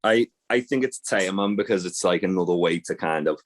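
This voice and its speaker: Very deep-voiced man chatting. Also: a little fast. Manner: rambling, profane, fond banter. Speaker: podcast co-host. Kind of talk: casual chat.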